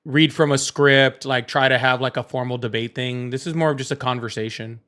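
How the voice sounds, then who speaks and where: A man's voice: medium pitch, steady tone, brisk, a bit bright. A man from the Southern US hosting a casual live call-in chat, laughing, teasing and repeating words. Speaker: livestream host.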